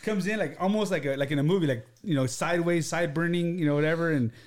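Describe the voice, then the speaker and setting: Man guest, lively profane storyteller, slightly high voice. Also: fast talker. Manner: animated, profane, acts out quotes. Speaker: podcast guest. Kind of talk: casual storytelling.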